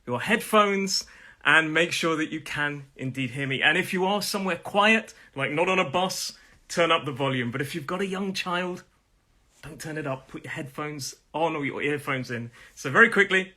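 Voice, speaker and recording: A man with a Nottingham accent, teaching a live online English pronunciation lesson and repeating each word slowly for learners to copy. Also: fairly high pitch, bright, forceful tone. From Nottingham, England.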